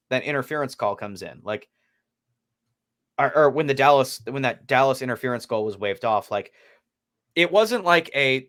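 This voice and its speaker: A man co-hosting a sports podcast in a loose, animated way. His voice swings up and down as he acts out quotes, with plenty of swearing and restarts. His pitch sits at a middle level for a man. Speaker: podcast co-host. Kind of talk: casual sports chat.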